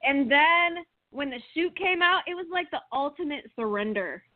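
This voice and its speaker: A woman hosting a talk show in casual chat, telling stories with animated acted-out reactions. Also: high voice, moderate pace, no echo. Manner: animated storyteller, acts out her own panicked thoughts. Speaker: podcast host. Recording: dry phone-like line.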